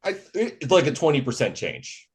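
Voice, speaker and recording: A man co-hosting a casual film podcast, dropping wry, deadpan jokes. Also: on the high side, moderate pace, crowd noise. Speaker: podcast co-host.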